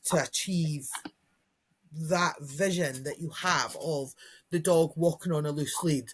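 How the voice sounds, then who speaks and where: A woman's voice: low-pitched, takes it slowly, slightly rough. A woman co-hosting a podcast as a dog trainer, chatting casually and acting out what dogs and kids might say. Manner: chatty, acts out dogs' and kids' voices. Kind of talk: casual chat.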